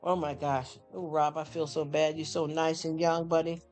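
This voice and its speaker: A man's voice: a little high, little pitch movement, moderate pace, a little mellow. Rambling man chatting on a live stream. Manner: rambling and heartfelt, often stammers and repeats words; talks straight to chatters, calls them honey and y'all. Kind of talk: casual live-stream chat with viewers. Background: faint background music.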